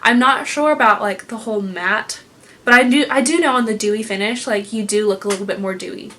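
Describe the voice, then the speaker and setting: A woman's voice: mid-range voice, a little fast, fairly bright tone, slight background noise. A young woman chatting casually at home as a beauty vlogger, gushing and rambling with lots of fillers. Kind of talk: casual chatty product review. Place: home room.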